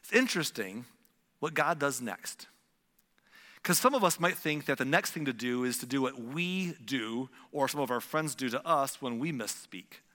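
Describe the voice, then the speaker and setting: A man preaching a sermon as a pastor, swinging from loud emphatic lines to hushed whispers. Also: medium pitch, lively intonation, moderate pace. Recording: long hall reverb.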